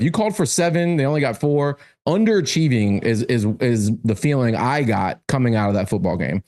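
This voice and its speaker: A man's voice: medium pitch, expressive, fairly quick, hardly any pauses, darkish tone. A man co-hosting a sports podcast, chatting casually in a sarcastic, joking way. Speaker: podcast co-host.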